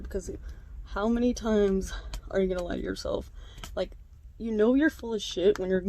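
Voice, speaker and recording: Young woman gossiping to her camera, chatty and animated, does little voices for people, middle pitch, bit of hiss. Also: creaky. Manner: gossipy, animated retelling with voiced quotes, frequent fillers and laughs. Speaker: vlogger. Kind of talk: casual storytelling chat.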